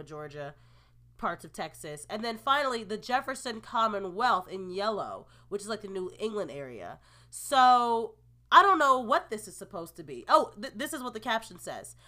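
Bright-voiced, outspoken woman podcast host. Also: mid-range voice. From New Jersey, USA. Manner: expressive and opinionated, swinging from sad to outraged, groaning and laughing. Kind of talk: casual solo podcast chat.

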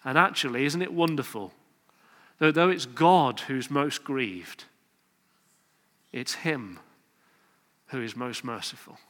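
A man's voice: medium pitch, slow pace, long pauses, fairly bright tone. A man preaching a sermon in a church, earnest and often building to emphatic, questioning exhortation. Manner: earnest, rising to emphatic exhortation, acting out quoted voices. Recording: reverberant church hall.

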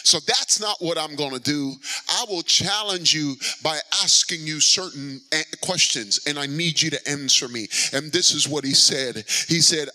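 A man preaching a sermon, his voice high and strikingly bright. He rises into an impassioned, sing-song cadence and voices God's words in casual, everyday speech. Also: moderate pace, poor audio.

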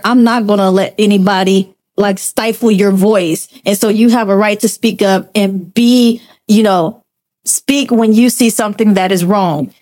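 A woman's voice: mid-range voice, a little mellow, no room sound, clean studio sound. A woman co-hosting a casual group discussion, speaking earnestly and laughing often. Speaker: podcast co-host.

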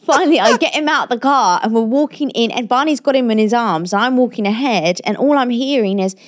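A woman's voice: fairly high pitch, no echo. Brief: female podcast co-host, gossipy, chatty, recorded close and dry. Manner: chatty, gossipy, quick asides. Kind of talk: casual chat.

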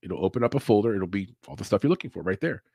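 Casual male podcast host, a bit low-pitched, swears freely, laughs a lot, dry close sound. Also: animated, very fast, gravelly, warm tone, husky, dry recording. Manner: loose, profane, laughs often. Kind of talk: casual livestream chat.

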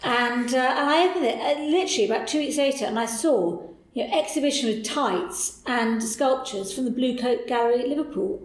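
Woman, fairly high voice, animated storyteller, roomy echo. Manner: lively, animated storyteller, voices people in quotes. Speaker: podcast guest. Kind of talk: candid interview storytelling.

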